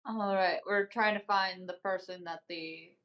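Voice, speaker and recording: A woman's voice: mid-range voice, steady tone, measured pace, fairly bright tone. Lady playing a tabletop game, easygoing and chill. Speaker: player. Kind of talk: casual tabletop play.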